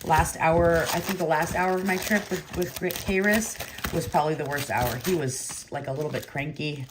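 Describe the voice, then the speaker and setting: A woman's voice: deep voice, normal speed, background noise. A woman hosting a trading card break, chatting casually, laughing often and talking to viewers by name. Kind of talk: casual chat while opening cards.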